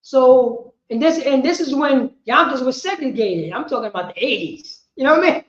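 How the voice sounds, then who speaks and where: New lady preaching a history lesson, kinda high voice, echoey dull room, gets loud. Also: lively intonation, moderate pace. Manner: emphatic, repetitive, rising to shouts. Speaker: teacher of a history class. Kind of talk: street-preaching lecture. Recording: roomy, dull lo-fi sound.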